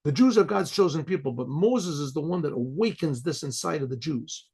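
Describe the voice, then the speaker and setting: An older man, a rabbi, telling a story to listeners, often clearing his throat and acting out the voices of the people in it. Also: on the high side, expressive, fairly quick, darkish tone. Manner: frequent throat clearing, acts out quoted voices. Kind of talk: storytelling talk.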